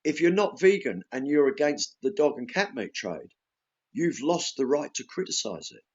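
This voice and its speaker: A man's voice: mid-range voice, very animated, moderate pace, dull audio. An Englishman telling a story in casual podcast chat, blunt and sweary, acting out the exchanges he quotes. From England. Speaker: podcast guest.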